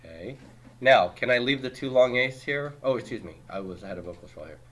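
A man teaching a class, reviewing homework by asking brisk questions and cracking dry jokes. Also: mid-range voice, expressive, a bit bright. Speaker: Hebrew teacher.

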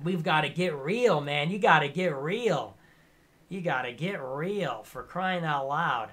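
A man in his twenties giving a sarcastic, lecturing rant on a livestream, sometimes bursting into shouts. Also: fairly high pitch, lively intonation, unhurried. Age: 20s. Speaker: streamer. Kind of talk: ranting livestream commentary.

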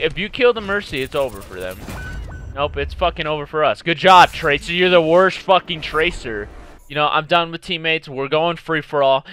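A young man in his twenties calls out his game in real time, loud and excitable, swearing at teammates and taunting foes. His voice sits a little high and bright, with big swings in pitch as he reacts. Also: a little hiss or hum. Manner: excitable, swearing, trash-talking. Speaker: gaming YouTuber. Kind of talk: gameplay commentary.

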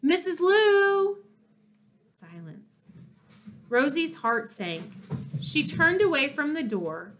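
Woman reading a kids chapter book aloud, lively ups and downs, nice and slow. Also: high voice, a little hiss or hum. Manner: expressive, slow storytelling. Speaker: narrator. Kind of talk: children's audiobook reading.

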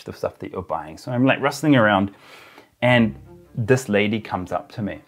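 A man's voice: lowish voice, fairly bright tone. A man telling a travel story in a casual, chatty way, full of filler words. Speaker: travel vlogger.

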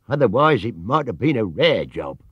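A man voicing a jovial, working-class male chimney sweep who talks loudly and chirpily. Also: lowish voice, sing-song, moderate pace, husky, dry recording, highs cut off, heavily acted. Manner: chirpy, loud, chuckling, dialect speech.

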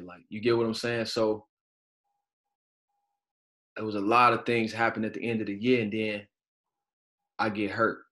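Animated storytelling man from Chicago. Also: lowish voice. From Chicago, United States. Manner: animated storyteller, slangy and profane. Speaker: guest, professional basketball player. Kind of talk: casual video-call chat.

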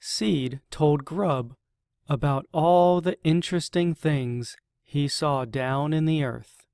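Very slow, deliberate picture-book reader. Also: mid-range voice, vocal fry, darkish tone, dry recording, clean studio sound. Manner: very slow, deliberate reading with long pauses. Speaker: storyteller. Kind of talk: children's picture book read-aloud.

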